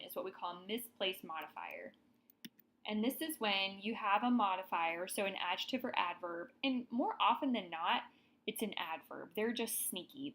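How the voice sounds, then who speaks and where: Woman teacher, mid pitch, friendly and casual explaining a grammar lesson. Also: a bit bright, slight background noise, rough recording. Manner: friendly, checks in with students, casual fillers.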